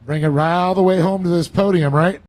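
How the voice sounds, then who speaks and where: A man hosting a live outdoor race event, interviewing drivers in an energetic, hyped manner and cheering them on. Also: sits high, a little fast, rough recording.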